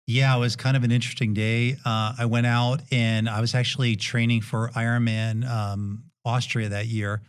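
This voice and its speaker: A middle-aged man with a Brooklyn accent, a podcast guest telling a story in a relaxed, gentle way with many hesitations. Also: mid-range voice, moderate pace, hardly any pauses, clear, resonant tone. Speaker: guest dentist and endurance athlete.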